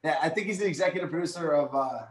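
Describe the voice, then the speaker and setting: A man in his thirties telling stories in casual chat, animated and rambling with lots of fillers. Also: a little high, racing. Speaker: podcast guest. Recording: echoey room.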